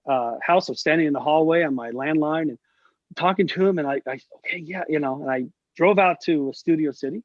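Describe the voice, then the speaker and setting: In a casual video-call interview, a middle-aged guest musician with a fairly high voice speaks briskly and tells animated stories, acting out the voices of people he quotes. There's no room sound, though the audio is dull and lo-fi.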